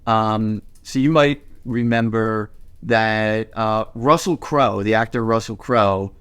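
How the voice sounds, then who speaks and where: A man's voice: fairly low pitch, slow pace, a bit bright, smooth. A middle-aged man co-hosting a music podcast, telling a story in casual chat, swearing freely and poking fun at himself. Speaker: podcast co-host.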